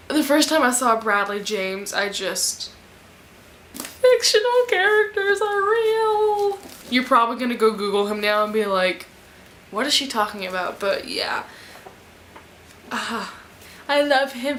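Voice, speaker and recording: A young woman vlogger chatting casually and gushing excitedly, with gasps and squeals. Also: a little high, roomy sound, slight background noise. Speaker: book vlogger. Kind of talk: casual vlog chat.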